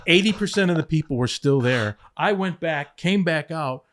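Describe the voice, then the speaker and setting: Animated, swearing man telling backstage stories. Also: fairly high pitch, moderate pace. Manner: animated, profane, acts out quotes mid-story. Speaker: former head writer of a wrestling show, podcast guest. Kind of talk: casual storytelling chat.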